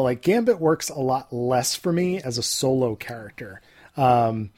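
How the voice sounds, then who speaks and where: A man's voice: medium pitch, darkish tone. A man co-hosting a podcast in an easygoing, agreeable way, thinking aloud as he talks. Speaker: podcast co-host. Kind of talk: casual chat.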